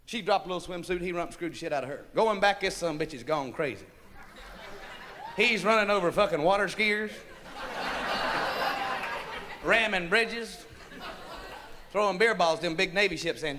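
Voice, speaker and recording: Male stand-up comic, high voice, profane and rowdy, on a crackly live-club record. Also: fast talker, sharp tone. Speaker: stand-up comedian. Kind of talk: crude stand-up comedy. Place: nightclub stage. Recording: live club audience, noisy vinyl.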